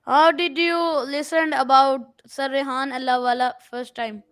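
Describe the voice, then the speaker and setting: A woman asking interview questions in a hesitant way, with many fillers and halting phrasing. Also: high-pitched, level tone, fairly bright tone.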